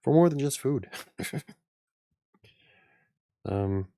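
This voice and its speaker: A man's voice: medium pitch, expressive, extremely slow, creaky, dark tone, no room sound, studio quality. A man in his forties hosting a casual live stream, rambling and chuckling often. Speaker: channel host.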